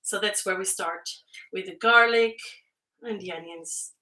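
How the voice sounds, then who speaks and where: Slow, bright-voiced woman cooking live. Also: mid-range voice, poor audio. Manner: chatty, thanks viewers, frequent laughs. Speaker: cooking livestream host. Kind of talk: casual live cooking stream. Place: home kitchen.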